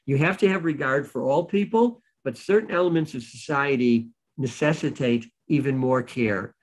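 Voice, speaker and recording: A man teaching a Torah class, with a voice of ordinary pitch. He reads each verse in Hebrew, then translates it and explains it step by step. He tells stories to drive his point home. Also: normal speed, poor audio. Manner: tells a story to make a point. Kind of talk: Torah lesson.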